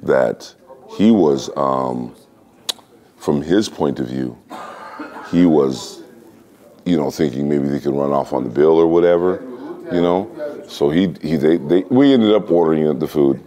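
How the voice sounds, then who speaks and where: A man in his forties from the United States, an interview guest telling a casual, animated anecdote and acting out other people's lines. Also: extremely low pitch, unhurried, long pauses. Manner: animated storyteller who acts out other people's lines in exaggerated voices. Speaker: interview guest, former fighter.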